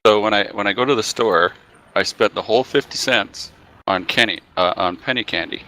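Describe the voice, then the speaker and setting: An older man telling a casual story on a podcast in a halting way, with many uhs. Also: lowish voice, a crowd in the background.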